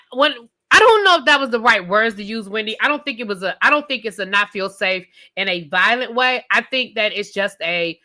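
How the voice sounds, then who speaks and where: Bright-voiced woman ranting. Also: medium pitch. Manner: blunt, profane, animated ranting. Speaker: reality TV reviewer. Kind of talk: live rant review.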